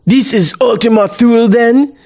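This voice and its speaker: A man's voice: extremely high pitch, normal speed, creaky, a little mellow, pitched above the performer's own voice. A man doing a roaring possessed pirate. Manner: archaic pirate speech, roaring.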